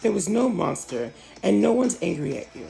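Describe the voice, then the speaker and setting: A reader putting on a calm, sensible rabbit who speaks softly and reassuringly in a storybook reading. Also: mid-range voice, moderate pace, gravelly, rough recording. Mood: gentle.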